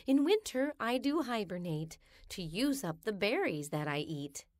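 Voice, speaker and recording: Woman reading rhymes, slow and lively. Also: mid-range voice, no echo, studio quality. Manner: slow, sing-song storybook reading. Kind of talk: reading children's rhymes aloud.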